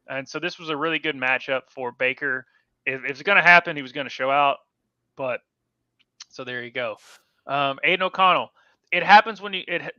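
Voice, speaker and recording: A man co-hosts a fantasy football podcast in casual sports chat, rambling and correcting himself as his voice trails off. His voice is on the high side, pushed and bright, with a clear, resonant tone. The recording is dry, made on a dull lo-fi mic.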